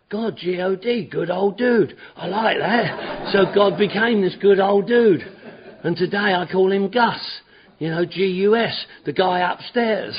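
A middle-aged man giving an animated personal talk at a recovery meeting, acting out his old self in his stories. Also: sits high. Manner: animated storytelling, acts out his own past shouting. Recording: dull lo-fi recording.

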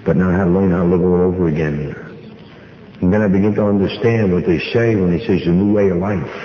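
A man's voice: deep voice, fast talker, a little hiss or hum. A man giving a personal recovery testimony at a meeting, a wry, folksy storyteller who acts out dialogue. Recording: echoey hall, dull lo-fi sound.

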